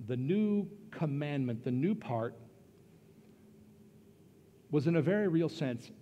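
A man preaching a sermon as pastor, earnest and emphatic, pausing and then rising into bursts of stress. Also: fairly high pitch, darkish tone, slight background noise. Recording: long reverb of a church hall.

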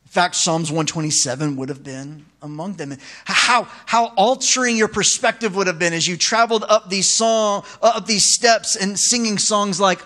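A high-voiced male pastor preaches at a normal speed, conversational and animated, turning to the congregation with asides.

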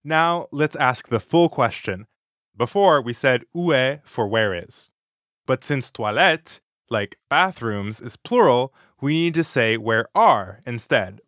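A man hosting a scripted language lesson, modeling phrases slowly and clearly with encouraging feedback. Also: medium pitch, animated, a bit bright, no room sound, studio quality. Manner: slow, clear, encouraging pronunciation drills.

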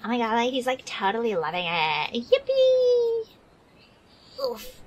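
A woman's voice: fairly high pitch, expressive, brisk. A woman streamer in a playful role-play chat, putting on valley girl talk and cooing over her dog.

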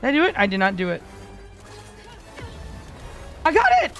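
A woman's voice: mid-range voice, very animated, moderate pace, fairly bright tone, soft background music. A woman streaming a co-op game, chatting casually and teasing her teammates with lots of giggles. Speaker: VTuber streamer. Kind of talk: casual gaming stream chat.

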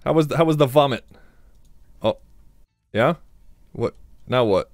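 A man's voice: medium pitch, unhurried, no echo, clean studio sound, soft background music. A young man doing crude, joking let's play commentary, laughing and talking back to game characters. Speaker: gamer.

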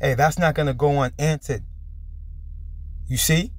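This religious commentary host has a fairly high-pitched voice and talks a bit slowly. Though a little sick, he's emphatic as he discusses a preaching video, tacking "man" onto the end of his lines.

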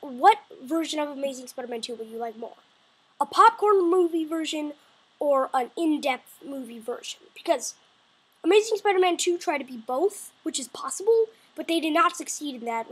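High-pitched woman in a rambling casual review. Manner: rambling, excitable, frequent self-corrections. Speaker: video reviewer. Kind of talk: casual spoiler review to camera.

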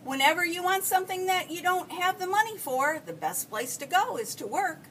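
A woman's voice: extremely high pitch, animated, moderate pace, a bit bright, pitched above the performer's own voice. A woman voicing a cheerful, encouraging father in a read-aloud storybook, speaking in an upbeat way. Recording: distant mic, faint background hiss.

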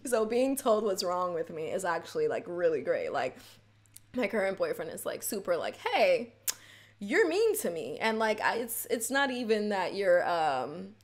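A young woman vlogging in a candid, rambling way, full of "like" fillers and quick self-mocking laughs. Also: on the low side, animated. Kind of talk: casual confessional talk to camera.

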